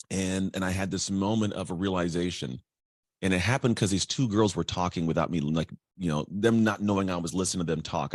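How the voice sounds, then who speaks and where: A man telling his life story as a guest, energetic and chatty, acting out other people's voices. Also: low-pitched, dry recording, studio quality. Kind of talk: candid storytelling.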